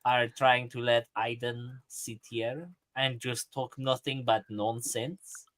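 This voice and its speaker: A pompous debater in stiff, formal English, as a man puts him on. He drops his articles and accuses people flatly, sitting in the middle of a man's pitch range. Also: slow pace. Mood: indignant.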